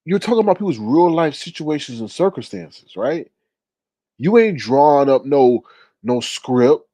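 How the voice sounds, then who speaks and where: A man's voice: medium pitch, warm tone, no echo. A man hosting a casual livestream, ranting with exasperation, often sighing and talking straight to his viewers. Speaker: livestream commentary host.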